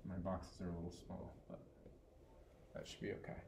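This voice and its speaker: A man's voice: low voice, big pitch swings, moderate pace, gravelly, darkish tone, slight background noise. A man tutoring one student in reading, patient and encouraging, praising each answer. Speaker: teacher. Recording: roomy with faint ambience.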